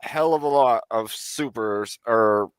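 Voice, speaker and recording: A man's voice: medium pitch, takes it slowly, clean tone, dry recording. A man hosting a casual livestream chat over a video call, talking in a joking, laid-back way. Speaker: livestream host.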